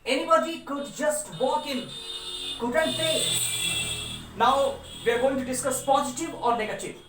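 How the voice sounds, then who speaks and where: A woman's voice: high-pitched, over music. A woman teacher gives a grammar lecture, explaining step by step and often urging students to try to understand. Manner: deliberate, repeats "try to understand" while explaining. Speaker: English teacher. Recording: roomy echo, voice from far off the mic.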